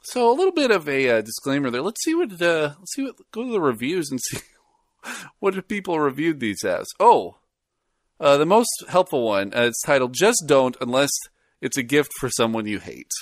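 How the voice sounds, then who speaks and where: Lively, laughing male podcast host. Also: on the high side, normal speed, no echo, studio quality. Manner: laughs often, animated and rambling. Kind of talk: casual chat.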